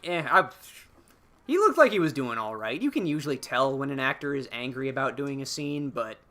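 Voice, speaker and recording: A man's voice: medium pitch, animated, a little fast, pushed and bright. A young man on a podcast, recapping a film in a rambling, casual way, swearing freely. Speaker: podcast co-host.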